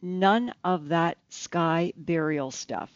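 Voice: mid-range voice, slow pace, smooth, no room sound, lightly acted. Narrator doing a scratchy, cantankerous old uncle. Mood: grumpy. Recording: slightly dull, dry lo-fi recording.

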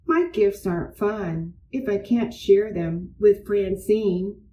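A woman's voice: mid-range voice, slow pace, warm tone, natural voice. Woman voicing an earnest little storybook girl. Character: young girl, spoiled but caring. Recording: roomy, distant mic.

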